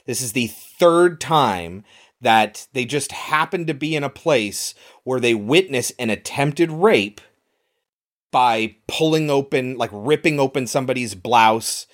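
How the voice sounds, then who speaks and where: A woman co-hosting a casual movie review chat, laying out plot details with lots of likes and you-knows. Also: rumbling low. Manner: explains plot details, says like and you know a lot. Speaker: podcast co-host.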